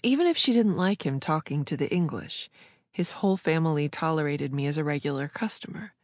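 A woman narrating fiction in a smooth, measured storytelling voice. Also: low-pitched, no room sound, studio quality. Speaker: audiobook narrator. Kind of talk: scripted narration.

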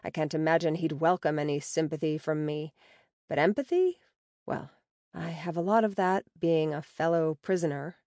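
A woman narrating a story in the first person, with a wry, sarcastic and expressive delivery. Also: sits low, moderate pace, no room sound, clean studio sound. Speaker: audiobook narrator.

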